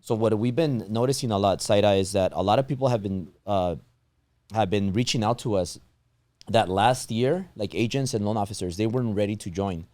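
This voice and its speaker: A man's voice: lowish voice, brisk, darkish tone, no echo. A man hosting a casual interview, talking with a tired, strained voice he says is going, rambling with many restarts. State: losing his voice, strained throat. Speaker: podcast host.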